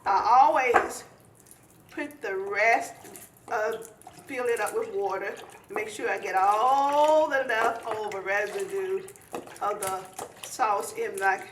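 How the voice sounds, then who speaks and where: A woman's voice: mid-range voice, slow, background noise. Folksy woman cooking, echoey kitchen. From eastern North Carolina. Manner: folksy, homespun and instructive. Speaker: home cook demonstrating a recipe. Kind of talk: cooking demonstration. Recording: echoey kitchen, mic at a distance.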